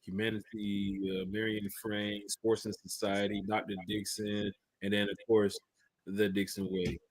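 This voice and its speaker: A man hosting a casual sports podcast, energetic and slangy, often repeating himself. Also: fairly low pitch, measured pace, no echo. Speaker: podcast host.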